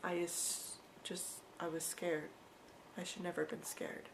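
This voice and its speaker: A woman's voice: on the low side, flat delivery, a little slow, noisy background. A woman vlogger telling a personal story in a conversational, repetitive way, with frequent asides to the viewer.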